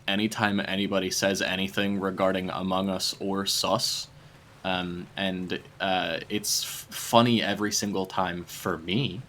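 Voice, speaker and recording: Lower-voiced man rambling on a game stream. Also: a bit bright, a little hiss or hum. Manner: rambling, chatty, laughs often. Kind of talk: casual gaming stream chat.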